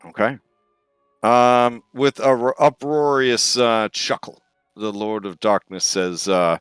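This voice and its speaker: A man narrating a tabletop game as game master, telling the story in a relaxed way with frequent fillers. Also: medium pitch, slow, smooth, no echo, faint music behind.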